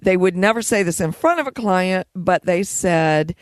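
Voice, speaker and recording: A woman co-hosting a podcast about running a spa, telling workplace stories in a lively way and laughing often. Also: fairly low pitch, normal speed, dry recording. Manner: animated storyteller, laughs often. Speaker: podcast co-host, spa owner. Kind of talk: casual podcast chat.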